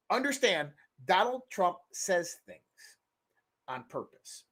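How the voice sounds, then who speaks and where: A man hosting a casual political commentary show, animated and swearing freely. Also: sits high, a little slow. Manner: animated, swears freely, mimics others in raised voice. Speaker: podcast host.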